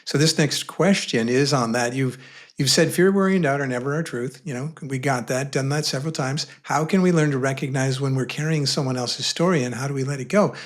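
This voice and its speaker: Male host, mid-pitched voice, relaxed and affirming, reads numbered questions. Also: fairly quick. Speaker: interview host. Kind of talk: casual interview questions.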